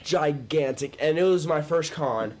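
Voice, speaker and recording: A man's voice: on the high side, a little slow, darkish tone, slight background noise. A man guesting on a casual fan chat, telling stories in a rambling way with lots of "like". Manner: rambling storytelling with many filler "like"s.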